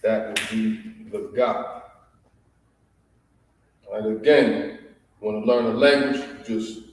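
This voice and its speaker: A man teaching a language class, explaining each point and checking in with "all right?" again and again. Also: medium pitch. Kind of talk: classroom lesson. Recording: echoey hall, voice from far off.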